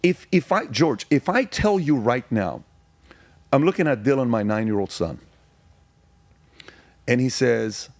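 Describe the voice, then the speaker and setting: A man in his forties who grew up in Iran talks as a podcast guest at a mid-range pitch, pressing his points with rhetorical questions. His voice is close and dry on a studio mic, with no room sound. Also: expressive, measured pace, long pauses, dry recording. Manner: emphatic, fires rhetorical questions. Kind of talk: casual storytelling interview.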